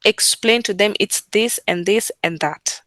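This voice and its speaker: Woman, client service worker, casual talk, slow pace, repeats herself, dry recording. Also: mid-range voice, fairly bright tone, no room sound. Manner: unhurried, repeats phrases, many fillers. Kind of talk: casual talk on work practice.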